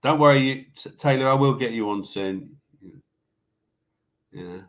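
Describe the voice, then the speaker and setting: A man's voice: mid-range voice, unhurried. A man hosting a casual live show, rambling through viewer comments and news items in an offhand, swearing way. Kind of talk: casual livestream chat.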